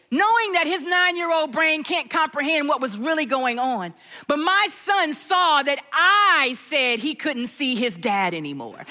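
A middle-aged woman preaching, her voice high and bright with a clear ring. She tells a personal story with animation and slips into the voices of the people in it. Her delivery is lively, as a sermon should be.

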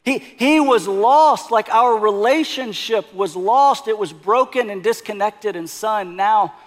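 A compassionate older father gently reassures his son, voiced by a man preaching. The tone is high and tender, echoing through a large reverberant hall. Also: a little slow.

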